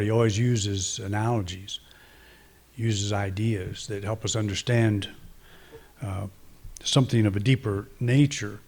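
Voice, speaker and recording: A man's voice: lowish voice, darkish tone. A man, a minister, preaching a conversational, reflective sermon with frequent restarts and fillers.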